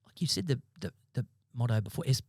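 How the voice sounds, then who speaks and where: An Australian man in his fifties, a former police sergeant, telling his story as a podcast guest in a blunt, halting way with many restarts. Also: mid-range voice, animated, darkish tone, slightly rough, no room sound, studio quality. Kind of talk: interview storytelling. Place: podcast studio.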